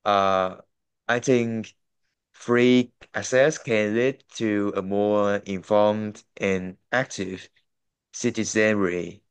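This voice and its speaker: Male IELTS candidate, native Vietnamese, lowish voice, hesitant practice answer. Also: fairly even intonation, extremely slow, smooth. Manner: hesitant, many fillers and restarts. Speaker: IELTS student.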